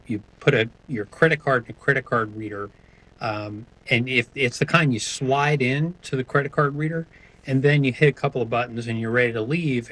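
A man's voice: mid-range voice, a bit bright, rough recording. A man speaking as a guest in an interview, answering in a hesitant way with many restarts. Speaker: sonic branding guest.

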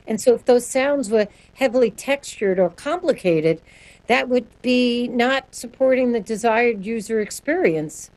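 A woman speaking as a sonic branding guest in an interview, answering in a quick, animated way and laughing often. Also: on the high side, poor audio.

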